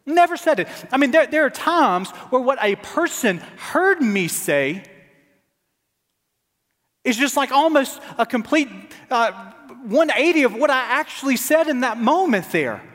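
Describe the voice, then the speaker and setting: A male pastor preaching a dramatic sermon to his congregation, sometimes dropping to soft near-whispers. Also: extremely high pitch, sing-song, measured pace. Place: church sanctuary. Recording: church sanctuary with long reverb.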